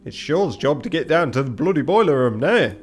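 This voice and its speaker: A man's voice: mid-range voice, lively intonation, normal speed, faint music behind, natural voice. A man voicing a brash, angry male ship engineer who swears and barks orders. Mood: impatient. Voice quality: loud and gruff, swearing.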